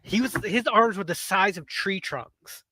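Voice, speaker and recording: A man's voice: sits high, measured pace, pushed and bright, dry recording. A man, hosting a podcast and telling rambling stories in casual chat. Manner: rambling, self-interrupting storyteller. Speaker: podcast host.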